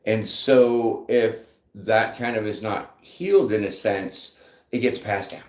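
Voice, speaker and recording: A man's voice: on the low side, slow pace, a little mellow. A man hosting a live tarot chat, casual and joking, who reads out viewer comments as he talks. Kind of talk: casual live-stream talk. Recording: echoey room.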